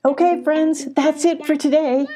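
An older woman narrating a children's storybook in a gentle, expressive way. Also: high voice, measured pace, over music.

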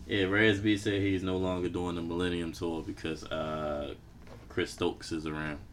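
A man in a casual podcast chat, laid-back, bringing up topics and agreeing quickly. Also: sits low, level tone, slight background noise.

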